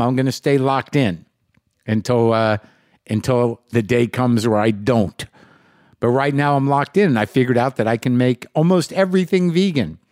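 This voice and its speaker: Speaking in a mid-range voice with a darkish tone, a man hosts a podcast in a casual, rambling monologue. He's profane, punchy and short on sleep, throwing out questions rapid-fire. The recording is clean studio sound without any echo.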